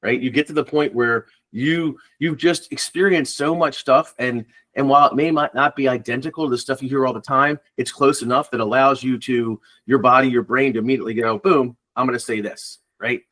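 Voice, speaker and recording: Fast-talking blunt male recruiter. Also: mid-range voice, steady tone, fairly bright tone. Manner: blunt, profane, acts out phone calls. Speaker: recruiter guest. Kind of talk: casual podcast chat.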